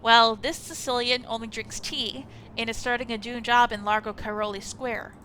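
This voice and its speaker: A woman's voice: fairly high pitch, level tone, normal speed, bright, forceful tone, a little hiss or hum, low-quality recording. A woman voicing a guarded young androgynous woman who answers curtly and dryly, reading a visual novel aloud.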